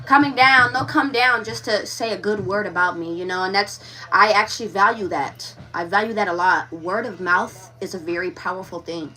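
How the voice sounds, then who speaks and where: A woman's voice: mid-range voice, moderate pace, pushed and bright, distant mic. A woman giving a live tarot reading, talking frankly and with animation straight to her viewers. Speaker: tarot reader.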